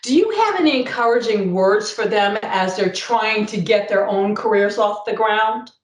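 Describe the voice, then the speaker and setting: A woman's voice: medium pitch, animated, moderate pace. Echoey, distant female interviewer. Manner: brief encouraging interjections. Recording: echoey, off-mic.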